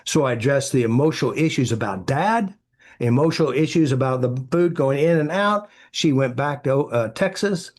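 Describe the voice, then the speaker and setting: A man's voice: medium pitch, lively intonation, moderate pace, a little mellow. A man, a therapy practitioner, answering interview questions with anecdotes, acting out quoted dialogue and filling with "you know".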